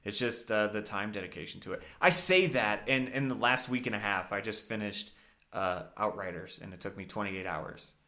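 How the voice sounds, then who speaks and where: A man with a fairly low voice chats casually as a podcast co-host. He rambles, restarts sentences and fills gaps with ums and likes. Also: moderate pace, sharp tone. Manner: rambling, lots of fillers and restarts. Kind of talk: casual chat.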